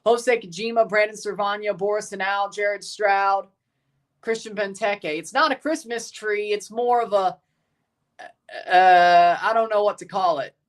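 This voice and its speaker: Hosting a casual soccer watchalong livestream, a high-voiced man rambles, chuckles and repeats himself while reading out lineups and chatting with the chat. His tone is steady and his pace a little slow.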